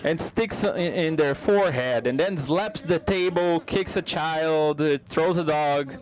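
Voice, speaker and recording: Male live interpreter voicing a comedy routine; somewhat high pitch, conversational, halting with restarts. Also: a little mellow.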